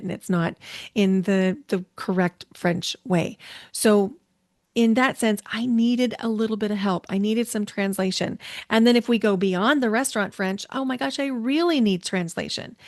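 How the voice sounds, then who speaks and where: A woman's voice: medium pitch, no room sound. Middle-aged woman podcast host, mid-range voice, casual and self-mocking, close dry mic. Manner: chatty and self-deprecating, tells personal stories. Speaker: podcast host and intuition coach. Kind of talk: solo podcast teaching talk.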